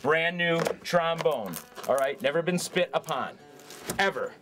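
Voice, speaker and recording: A man pitching instruments from his music store in a brash, ranting hard-sell style, swinging between shouts and mutters. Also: lively intonation, unhurried.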